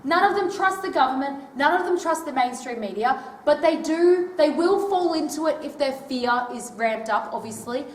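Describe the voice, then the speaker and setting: A woman's voice: high voice, expressive, normal speed, hardly any pauses, distant mic, a little hiss or hum. Chatty woman in an echoey hall. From Australia. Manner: chatty, peppers sentences with tag questions like "right?". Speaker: touring public speaker. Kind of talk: casual speech to a live audience. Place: old library hall, indoors.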